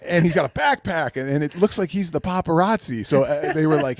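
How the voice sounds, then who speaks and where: Brief male host, somewhat high and lively voice, dry close sound, animated storyteller. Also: a little fast, dry recording. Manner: animated storyteller, acts out quotes. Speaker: podcast host. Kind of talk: casual chat.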